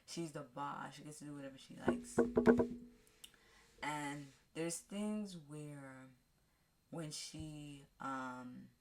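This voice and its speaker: Low-voiced woman rambling through a movie recap. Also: soft background music. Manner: rambling, with halting restarts and fillers; acts out characters' lines in a raised voice. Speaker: vlogger reviewing a movie. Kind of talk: casual movie recap to camera.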